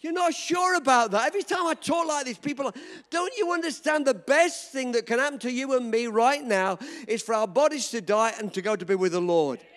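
A man's voice: extremely high pitch, brisk, hardly any pauses, a bit bright. A man preaching a sermon as pastor, joking with the congregation and pressing his points with emphasis. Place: church hall. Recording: long reverb of a church hall.

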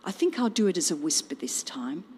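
A woman telling a Bible story in an expressive storytelling style, with personal asides. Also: on the low side, a little hiss or hum. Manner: slow, animated storytelling with asides. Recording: long reverb.

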